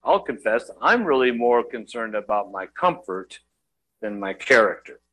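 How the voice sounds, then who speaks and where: A middle-aged man preaching a sermon in a conversational, self-deprecating way with quick asides. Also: medium pitch, very animated, fairly bright tone, low-quality recording. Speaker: guest preacher.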